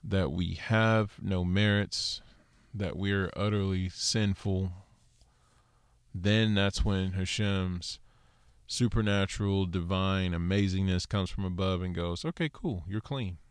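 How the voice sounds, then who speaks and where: A man's voice: sits low, little pitch movement, takes it slowly, clear, resonant tone, dry recording, clean studio sound. A man teaching a casual scripture lesson, walking through Hebrew word studies with lots of "so" and "okay.". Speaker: Bible teacher.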